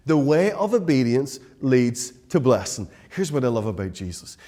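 A man delivers a sermon as pastor. His voice sits a little higher than most men's. He preaches emphatically, repeating his points and asking the listeners rhetorical questions. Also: a little mellow.

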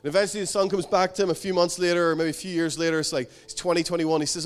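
Male pastor, high-pitched, earnest conversational sermon with repetition. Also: level tone, racing. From outside America. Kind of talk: sermon with storytelling.

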